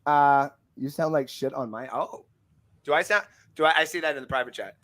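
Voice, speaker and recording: A man's voice: a little high, a little fast, fairly bright tone, rough recording. A man hosting a casual sports podcast, rambling and self-deprecating, laughing often. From Canada. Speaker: host.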